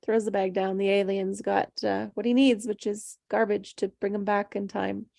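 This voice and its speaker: A woman's voice: mid-range voice, little pitch movement, normal speed, creaky, mellow, dry recording. Hesitant woman recapping a story. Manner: hesitant, with many fillers. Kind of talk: casual chat recapping a story.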